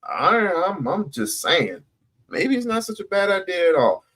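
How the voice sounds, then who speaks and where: Man, high voice, swooping pitch, slow delivery, animated joking. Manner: animated, joking, acts out quotes. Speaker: panelist. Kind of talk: casual group chat.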